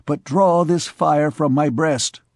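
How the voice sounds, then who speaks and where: A man's voice: fairly high pitch, fairly even intonation, slow, darkish tone, no room sound, clean studio sound. A man voicing an anxious, stingy medieval king who snaps querulously, in an audiobook reading. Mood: uneasy. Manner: querulous, peevish outbursts.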